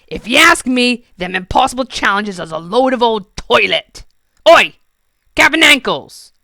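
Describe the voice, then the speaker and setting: A woman's voice: mid-range voice, expressive, unhurried, creaky, no echo, studio quality, heavily acted. A woman reading a storybook and voicing a bossy, brutish male goblin king who bellows and bullies. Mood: bellowing. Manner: loud, bellowing, coarse and bullying.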